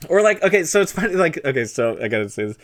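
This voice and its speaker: A man's voice: on the high side, very animated, fast. Young man with a lisp, rambling. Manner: rambling, loose, full of fillers and restarts. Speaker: stream host interviewing a guest. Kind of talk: casual chat.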